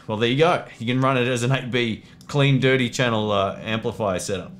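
A man's voice: mid-range voice, a little fast, a little hiss or hum. A man hosting a casual live Q&A, chatting loosely and reading viewer comments aloud. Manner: relaxed, rambling, reads chat comments aloud. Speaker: livestream host answering viewer questions. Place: home studio.

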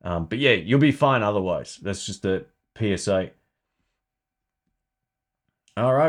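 A man's voice: mid-range voice, animated, normal speed, long pauses. A man hosting a casual live stream about guitar gear, chatting loosely and thinking aloud.

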